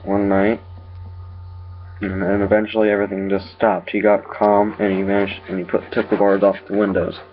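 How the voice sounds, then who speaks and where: A man retelling a horror story from memory in a halting way, often stopping to correct himself. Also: on the low side, monotone. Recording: lo-fi dull recording.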